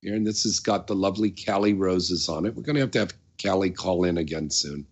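A man's voice: deep voice, brisk, slightly rough. A man hosting a radio show, talking casually in a chatty, rambling way with many fillers. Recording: dull lo-fi sound.

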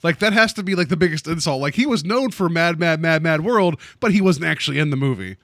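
A man's voice: fairly high pitch, animated, fast, fairly bright tone, no room sound, studio quality. A man co-hosting a podcast in casual chat, rambling and joking as he corrects himself. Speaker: podcast co-host.

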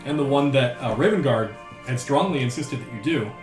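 A man narrating a tabletop game as game master in a relaxed way. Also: medium pitch, fairly quick. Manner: relaxed, with frequent "uh" fillers. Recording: roomy with background music.

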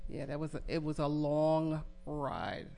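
A woman's voice: low-pitched, a little slow, vocal fry, dark tone, faint music behind. A woman guest on a casual podcast chat, telling travel stories and laughing often.

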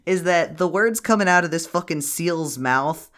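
A woman's voice: lowish voice, lively intonation, a bit bright. A woman co-hosting a casual podcast, retelling a cartoon's plot with lots of swearing and laughter. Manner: profane, laughing, fast retelling. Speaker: podcast co-host. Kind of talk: casual chat reviewing a cartoon.

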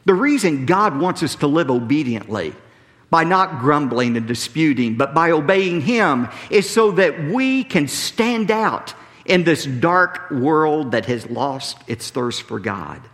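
A man preaching a sermon as a pastor, emphatic, often dropping low and slow on key phrases. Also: lively intonation, a bit bright. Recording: preached in a large hall with long reverb.

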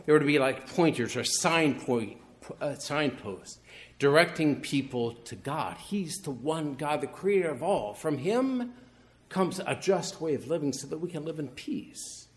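A man's voice: on the high side, expressive, a little slow. A middle-aged male priest giving a homily that starts as a wry, conversational story and moves into teaching.

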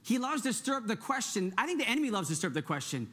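Upbeat high-voiced male pastor. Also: racing, slightly rough. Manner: energetic, conversational, asks the congregation "right?". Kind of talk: sermon.

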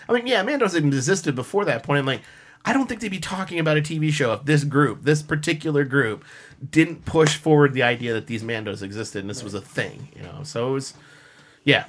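Man, casual chat, animated storyteller, bright tense voice, laughs often. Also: medium pitch, a little fast. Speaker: podcast co-host, costumer.

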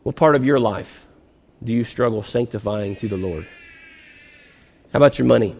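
A man's voice: mid-range voice, moderate pace, gravelly, darkish tone. A man preaching a sermon as a pastor, telling a personal story in a conversational way and restarting often. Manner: conversational, repeats words while restarting. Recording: long hall reverb.

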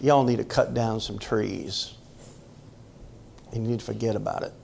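A man's voice: lowish voice, fairly even intonation, a little slow, creaky, a little mellow, slight background noise. A middle-aged male pastor from the northern United States, preaching a conversational sermon and often asking the congregation questions. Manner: emphatic, talks directly to the congregation with questions.

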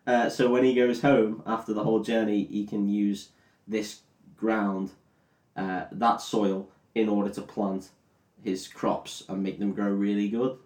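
A man's voice: on the low side, little pitch movement, unhurried, darkish tone. Drunk man rambling through a recap. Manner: rambling, sweary, unsure of details. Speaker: podcast co-host. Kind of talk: casual chat, recapping a film. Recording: roomy echo.

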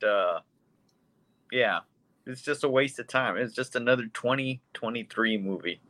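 Bright-voiced blunt podcast guy. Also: medium pitch, no room sound. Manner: blunt, profane and rambling. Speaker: podcast co-host. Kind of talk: casual chat reviewing movies.

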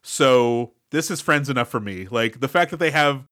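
A man's voice: mid-range voice, lively intonation, normal speed, a bit bright, no room sound, clean studio sound. A man co-hosting a movie podcast, giving wry, enthusiastic plot recaps in casual chat. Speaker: podcast co-host.

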